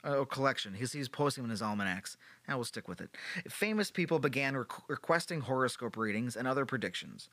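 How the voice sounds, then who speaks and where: A man's voice: mid-range voice, lively intonation, fast, few pauses, a bit bright, no echo. A man hosting a podcast, telling a history story in a casual, playful way with sarcastic joking asides. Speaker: podcast host.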